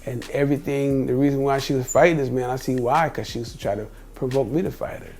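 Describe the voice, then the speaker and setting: A man's voice: medium pitch, steady tone, fast talker, darkish tone, slight background noise. A middle-aged man from the United States, telling personal stories in a casual vlog monologue, rambling and acting out what people said. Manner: rambling, repeats himself, quotes people in dialogue. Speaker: vlogger.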